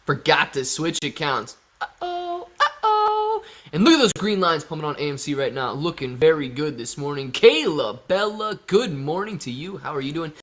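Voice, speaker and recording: A man's voice: a little high, animated, moderate pace, few pauses, a bit bright. A man hosting a casual live stream, reading out viewer comments and greeting people by name in an upbeat way. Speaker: livestream host.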